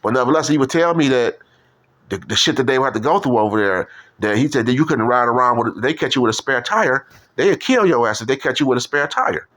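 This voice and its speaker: Guy ranting, cussing a lot, street slang, keeps repeating himself, normal mid pitch. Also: animated, fast talker, fairly bright tone. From Detroit. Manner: profane, repetitive, street slang. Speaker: video commentator. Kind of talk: rambling casual monologue.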